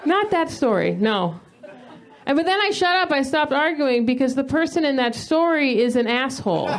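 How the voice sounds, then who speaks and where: Animated woman doing stand-up. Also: high voice, normal speed, a crowd in the background. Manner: animated storytelling, bursts into mock yelling. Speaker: stand-up comedian. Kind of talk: stand-up comedy set. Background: audience laughter.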